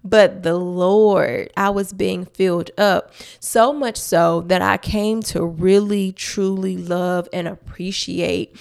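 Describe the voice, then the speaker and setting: Low gravelly woman, earnest podcast host. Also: steady tone, takes it slowly, hardly any pauses, darkish tone. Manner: earnest, emphatic, addresses listeners directly. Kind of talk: faith-based reflective podcast talk.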